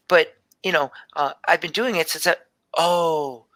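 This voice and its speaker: Man doing a curious young girl for a tabletop game, stammering, voice up high, dry sound. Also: fairly even intonation, unhurried, sharp tone, no room sound. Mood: excited. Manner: stammering, breathless, repeats words. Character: curious dreamy little human girl, about seven.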